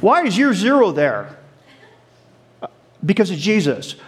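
A middle-aged man whose voice sits high preaches a little slowly but with animation, putting questions to the congregation and laughing together with them.

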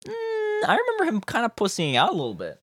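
Animated man, lively swearing podcaster. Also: high-pitched, fast, husky, no room sound. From Canada. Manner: animated, profane, laughs often. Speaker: podcast co-host. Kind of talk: casual chat.

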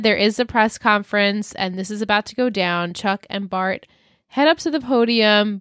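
A woman chats casually as she recaps a TV episode for a podcast, her pitch sitting in the middle range. She keeps breaking into quick quoted lines. The sound is close and dry, with no room around it. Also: no echo. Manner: animated, acts out quotes in quick bursts. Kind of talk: casual chat.

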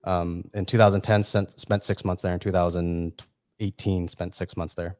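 Low-voiced, hesitant American man. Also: level tone, a little mellow. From United States. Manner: measured, hesitant, with many pauses. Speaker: podcast guest. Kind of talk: casual chat.

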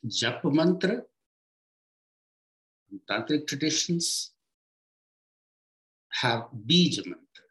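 A man with a mid-pitched voice delivers a reflective spiritual teaching, very animated but never rushed. He explains things patiently, letting each phrase sink low and quiet at the finish.

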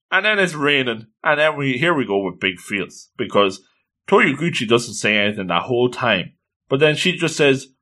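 Lively man excitedly recapping a comic. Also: mid-range voice. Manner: enthusiastic, exclaims often. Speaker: manga reviewer. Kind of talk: casual retelling of a comic.

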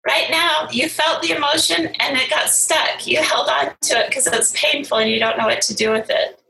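Middle-aged woman guest, earnest and encouraging, higher voice with a bright edge. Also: steady tone, moderate pace, vocal fry, reverberant, poor audio. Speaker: guest speaker. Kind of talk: heartfelt conversational storytelling.

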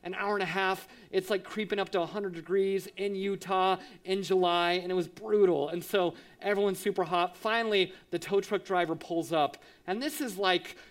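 A man in his thirties, a pastor, telling a lively personal story in a sermon, acting out voices and sound effects. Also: sits high, normal speed, hardly any pauses. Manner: animated, acts out quotes with sound effects.

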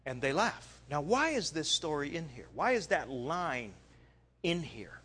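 Animated male preacher, storytelling, bright forceful voice, goes loud then hushed. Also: fairly high pitch, a little slow, breathy edge. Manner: animated, swings between loud bursts and quiet asides. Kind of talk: sermon, dramatic storytelling.

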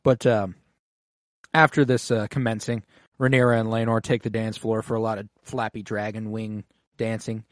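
A man's voice: on the low side, little pitch movement, normal speed, no echo, studio quality. A man in casual podcast chat, retelling TV episodes loosely, with lots of fillers and swearing. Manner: loose, profane storytelling with many fillers. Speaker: podcast co-host.

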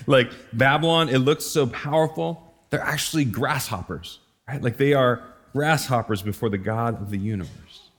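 A middle-aged man preaching a sermon in a loose, conversational way, slipping into slang and chuckling at his own asides. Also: medium pitch. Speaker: pastor.

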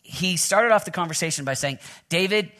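A man in his thirties preaching a sermon, energetic and fast, often restarting his sentences. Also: fairly high pitch. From Oklahoma. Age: 30s. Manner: energetic, fast, self-interrupting with restarts and laughs. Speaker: pastor.

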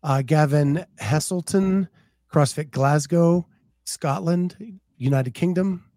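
Slow, mellow-voiced man co-hosting a podcast. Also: fairly high pitch, no room sound. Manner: laid-back, reads out viewer comments. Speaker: podcast co-host. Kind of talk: casual chat.

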